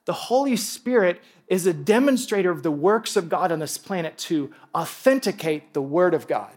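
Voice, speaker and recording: A man preaching a sermon to a congregation, animated and excitable, dropping from loud bursts to hushed tones. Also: sits high, normal speed. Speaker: pastor.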